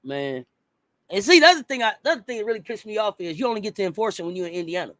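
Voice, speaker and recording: A man's voice: sits high, animated, rapid-fire, a bit bright, dry recording. A man in a heated sports talk rant, blunt and profane, firing off rhetorical questions. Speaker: sports commentator.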